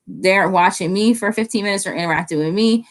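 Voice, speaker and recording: Chatty woman live-streaming to viewers. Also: a little fast. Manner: chatty, talks straight to viewers in the chat; excitable, often jumps up in pitch. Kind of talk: casual live-stream chat.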